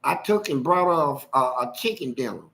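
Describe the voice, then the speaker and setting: A man's voice: mid-range voice, normal speed, creaky, rough recording. A man telling a personal story on a live stream in a casual, slangy way, acting out what people said. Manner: animated, slangy, acts out the quotes.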